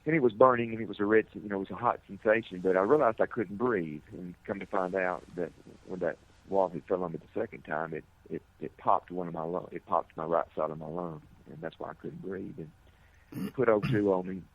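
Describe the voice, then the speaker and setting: A middle-aged man, a firefighter, giving an earnest, halting personal account in an interview, with many restarts. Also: low voice. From United States. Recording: tinny phone-like audio.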